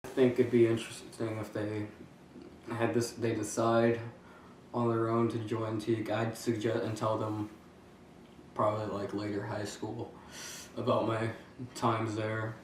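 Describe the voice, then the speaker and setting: A fraternity member giving a hesitant, casual interview answer, full of "like" fillers and the odd swear word. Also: male voice, fairly low pitch, completely flat delivery, a little slow, very echoey, recorded from a distance, a little hiss or hum, rough recording.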